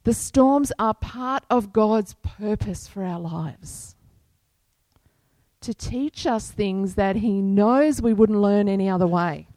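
A woman pastor preaching a sermon to her congregation in an unhurried, earnest manner, quoting scripture. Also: mid-range voice, mellow, no echo.

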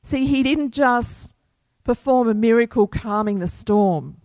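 A woman pastor delivers a sermon at a slow, deliberate pace, her voice sitting a little high. She preaches earnestly and weaves in scripture. The sound is dry and close, with no room echo. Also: darkish tone.

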